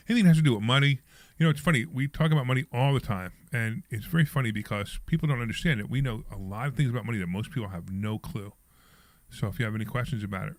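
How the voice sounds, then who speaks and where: A quick-talking man hosts a call-in money show in loose, joking banter. His voice is close and dry in the studio. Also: medium pitch, gravelly, no room sound. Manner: loose, joking, talks over others. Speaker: radio talk show host. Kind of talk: casual radio banter.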